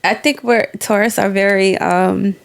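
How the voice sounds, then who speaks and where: A woman co-hosting a podcast in casual chat, calm and thoughtful, with stops and restarts. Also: mid-range voice, unhurried, gravelly. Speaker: podcast co-host.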